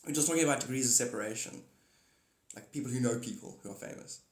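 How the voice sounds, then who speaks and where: A man with a mid-range voice talks quickly on a casual phone live stream in an echoey room. He rambles from idea to idea, greets viewers by name, and playfully breaks into silly singing.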